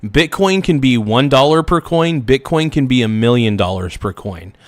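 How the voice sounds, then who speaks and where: A man's voice: medium pitch, animated, normal speed, no echo. Heated ranting man, dry close sound. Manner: heated, profane, ranting with repeated phrases. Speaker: host reacting to videos. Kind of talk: angry reaction commentary.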